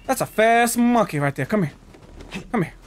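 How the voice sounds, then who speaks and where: A man streaming a game with loud, profane trash talk and sudden shouts. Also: high-pitched, expressive, normal speed. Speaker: gaming streamer. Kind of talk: live gameplay commentary.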